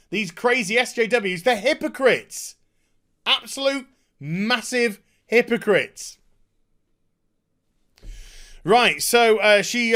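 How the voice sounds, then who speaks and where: A man's voice: high voice, pushed and bright. A man ranting sarcastically in a review vlog, exasperated and swearing a lot. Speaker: TV episode reviewer.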